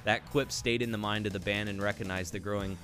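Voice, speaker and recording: A man co-hosting a music show, reading news in a relaxed, jokey way. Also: fairly low pitch, fast talker.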